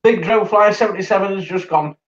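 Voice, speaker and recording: Speaking a little fast in a high-sitting voice, a weary Yorkshire-accented man from Sheffield, England, hosts a laid-back livestream where he chats, laughs a lot and reads viewer comments aloud. The audio has its highs cut off.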